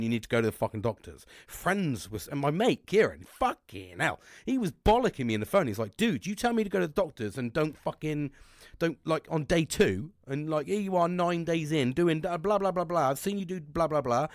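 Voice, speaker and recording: A man's voice: medium pitch, no echo, studio quality. A man telling a long casual story, rambling and swearing constantly as a podcast host.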